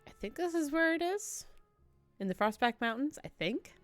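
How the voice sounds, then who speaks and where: A woman's voice: high voice, animated, moderate pace, soft background music. A woman giving casual let's-play commentary, chatty and wry, talking to herself and the game as she plays. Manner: swears casually. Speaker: gamer playing through a story game.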